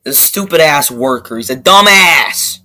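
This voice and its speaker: A man giving a rambling, profane movie review rant that keeps flaring up into loud outbursts. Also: on the high side, expressive, unhurried, rough recording.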